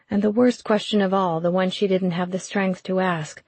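Sex: woman. Role: audiobook narrator reading fiction in a measured, even way. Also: lowish voice, husky, no echo. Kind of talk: scripted narration.

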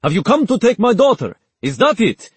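Imposing old sheikh, raised and husky bellow, storybook audiobook, a man putting him on. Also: high voice, big pitch swings, normal speed, no echo, voice pushed up, exaggerated voice. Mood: enraged. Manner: bellowing, accusing. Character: older male sheikh, imposing and furious.

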